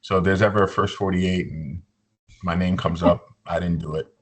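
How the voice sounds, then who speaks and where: A man in his forties, a podcast guest, telling his story in a relaxed, joking way, full of "you know" and easy fillers. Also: sits low, moderate pace, breathy edge. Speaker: podcast guest, musician and motivational speaker. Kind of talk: casual storytelling interview.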